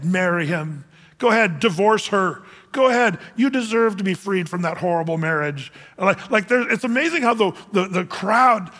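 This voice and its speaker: A man preaching to his congregation in a chatty, unpolished way that doubles back on itself and repeats words as he goes. His voice sits high and sounds bright and forceful. A long reverb trails after it through the hall. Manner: conversational, restarts and repeats words. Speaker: pastor. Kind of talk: sermon.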